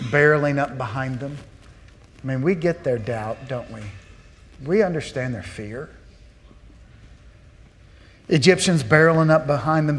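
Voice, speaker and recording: A man preaching from the pulpit with a slightly high voice, earnest and full of rhetorical questions. His words ring out with the long reverb of a large church sanctuary. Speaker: pastor. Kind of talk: sermon.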